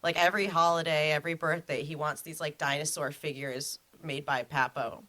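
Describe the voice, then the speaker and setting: A woman's voice: deep voice, steady tone, brisk, sharp tone. A woman co-hosting a casual podcast, talking with lots of "like" and "you know" and laughing. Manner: many "like" and "you know" fillers, giggly. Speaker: podcast co-host.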